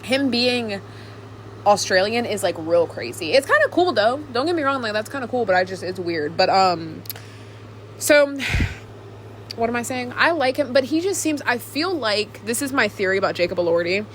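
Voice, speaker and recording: A woman with a slightly high voice holds forth in a casual, opinionated podcast chat. She talks animatedly, full of filler words. A faint hiss runs under her voice. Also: moderate pace. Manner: animated, ranting, many fillers. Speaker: podcast host.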